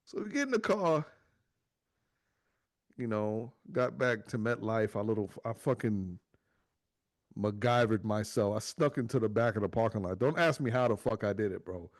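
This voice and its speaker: A man's voice: lowish voice, animated, normal speed, dry recording, clean studio sound. A man hosting a podcast who tells a story in casual, profane speech and acts out the voices in it. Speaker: podcast host.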